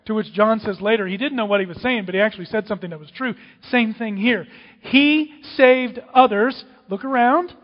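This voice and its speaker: Guy preaching a sermon, high voice, goes loud then whispery, dull sound w long church echo. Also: quick pace, hardly any pauses. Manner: dramatic, swings from loud to hushed whispers. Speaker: pastor. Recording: dull, with long hall reverb.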